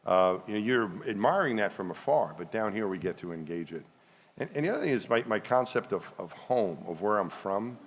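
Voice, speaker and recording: An astronaut from the New York area speaks reflectively as a guest on a live stage panel, often repeating words while he thinks. His voice sits on the low side and is animated and fairly quick, with a long reverb tail.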